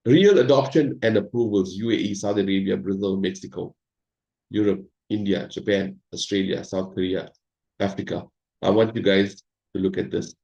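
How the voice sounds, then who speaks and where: A man hosting an online meeting, giving an animated, hyped presentation and talking straight to his audience over a video call. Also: low voice, normal speed, gravelly, reverberant, lo-fi sound. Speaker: host of an online crypto meeting.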